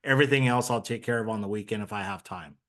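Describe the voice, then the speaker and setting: A man's voice: fairly low pitch, quick pace, a bit bright. A man speaking as an interview guest, telling his story in an earnest, conversational way with plenty of fillers. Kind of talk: candid personal story.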